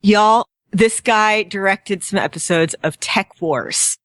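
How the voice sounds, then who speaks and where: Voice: mid-range voice, slow, fairly bright tone, no echo. A podcast co-host chatting playfully and laughing often. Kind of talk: casual podcast chat.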